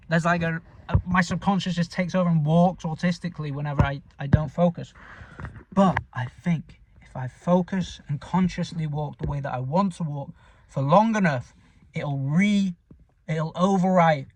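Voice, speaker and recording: A man with a northern English accent talks through a casual vlog. He is blunt and sweary, and he mumbles and rambles. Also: a little high. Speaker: vlogger. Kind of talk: casual self-talk vlog.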